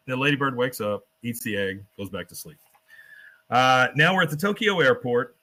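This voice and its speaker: A man hosting a podcast, casually retelling a cartoon episode scene by scene, swearing and dropping into quick character voices. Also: mid-range voice, animated, sharp tone. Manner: swears casually and laughs while telling. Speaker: podcast host recapping an episode. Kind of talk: casual chat.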